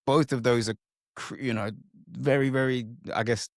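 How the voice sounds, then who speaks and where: A man's voice: mid-range voice, fairly even intonation, moderate pace, gravelly, dry recording, studio quality. A man hosting a podcast interview, asking questions in a hesitant way, searching for his words. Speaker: podcast host.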